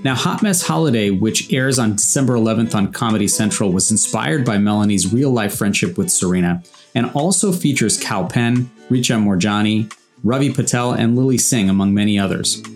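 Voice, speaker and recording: A man hosting an interview, reading an introduction and asking earnest, measured questions. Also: on the low side, soft background music. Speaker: podcast host.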